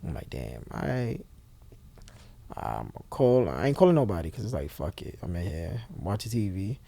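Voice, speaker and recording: Telling his own story as an interview guest, a young man speaks bluntly, curses freely, and voices the other characters with fast shifts. His low, mellow voice has a sing-song lilt and vocal fry, with no room sound.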